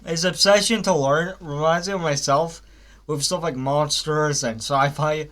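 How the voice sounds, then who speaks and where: A man's voice: fairly high pitch, steady tone, measured pace, heavy background noise. A young man giving a casual, rambling spoken review of a cartoon series, with frequent fillers, restarts and blunt swearing.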